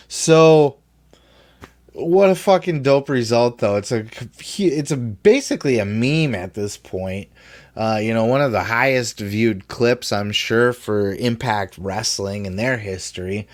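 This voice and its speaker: A male podcast host in easy, excited commentary, now and then letting out a loud whoop. His voice sits at an ordinary pitch for a man. He talks loosely and swears in his enthusiasm. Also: moderate pace.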